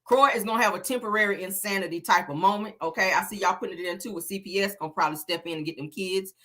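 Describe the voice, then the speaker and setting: A woman's voice: on the low side, pushed and bright. A woman, hosting a casual gossip commentary and talking bluntly and emphatically, swearing freely. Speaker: entertainment commentary host.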